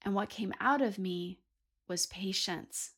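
A middle-aged woman hosts a Christian teaching talk, telling a story from her own life. Her voice is bright and forward. She acts out her own prayers with earnest feeling. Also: mid-range voice, takes it slowly, husky. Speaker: podcast host.

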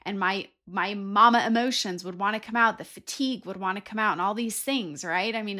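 A woman's voice: mid-range voice, bright, forceful tone. A woman hosting a Christian talk, telling a personal story and acting out her own prayers with earnest feeling. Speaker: podcast host.

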